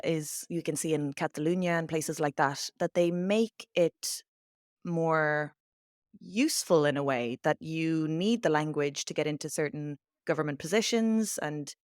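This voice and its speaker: Lively Dublin woman telling stories. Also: low-pitched, dry recording, clean studio sound. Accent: Dublin Irish. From Ireland. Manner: animated storyteller, acts out quoted voices. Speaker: guest, Irish language teacher. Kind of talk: conversational interview. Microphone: remote call mic.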